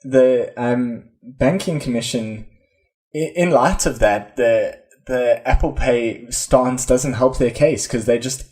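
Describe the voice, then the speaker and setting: A South African man chats as a podcast co-host. His voice sits at an ordinary pitch. He rambles and hesitates, and he often stops to correct himself. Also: takes it slowly, darkish tone. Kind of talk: casual podcast chat.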